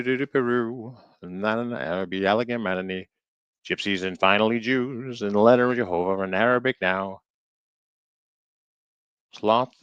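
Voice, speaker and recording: His voice is medium in pitch, fairly bright, clear and resonant, captured lo-fi with no room sound. Streaming live, he reads an old book aloud haltingly, fumbling words and cracking jokes along the way.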